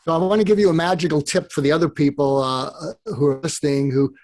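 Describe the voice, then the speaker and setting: Animated man storyteller, slightly high voice. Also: fast. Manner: animated storytelling, acts out dialogue. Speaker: psychiatrist guest. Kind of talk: advice-giving interview talk.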